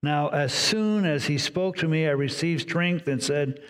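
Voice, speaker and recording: A man preaching a sermon, reading scripture aloud and voicing inner dialogue with dramatic pauses. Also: on the high side, a bit bright, smooth, long reverb tail. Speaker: pastor.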